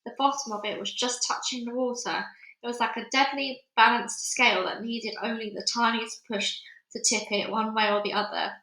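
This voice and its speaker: A woman reading a children's book aloud with lively, expressive storytelling, in an echoey room. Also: on the high side, moderate pace.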